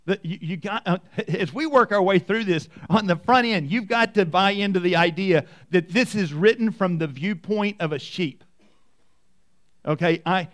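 Here a pastor with a high, expressive voice delivers his sermon conversationally. He keeps a brisk pace yet eases off for emphasis, often restarting and repeating his words.

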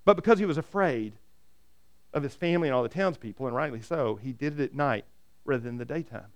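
A man preaching a sermon, retelling a scripture story in a lively way and often repeating words as he starts a sentence. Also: mid-range voice, fast. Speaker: pastor.

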